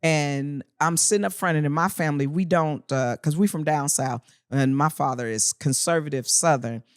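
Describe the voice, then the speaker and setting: A woman comedian spins animated, earthy stories as a podcast guest. Her delivery is punchy and full of timing. She sits close to a studio mic in a dry, dead room. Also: deep voice, moderate pace, dry recording. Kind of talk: casual podcast chat, storytelling.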